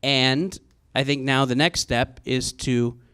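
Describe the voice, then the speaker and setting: A man's voice: medium pitch, steady tone, slow, bright, forceful tone, clean tone. A man in his thirties telling a comic story on stage at a live show, rambling and self-mocking with many fillers. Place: live show venue with audience.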